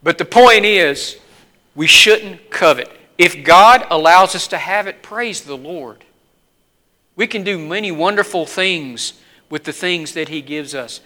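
A man preaching a sermon with a Southern US accent, folksy and storytelling, dropping to hushed pleas and rising to loud points. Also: high voice, a little slow.

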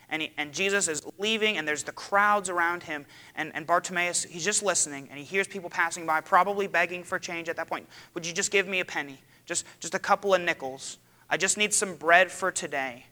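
Bright-voiced man preaching a sermon. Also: on the high side, clear, resonant tone. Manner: dramatic, rising to loud cries when quoting. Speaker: pastor. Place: church.

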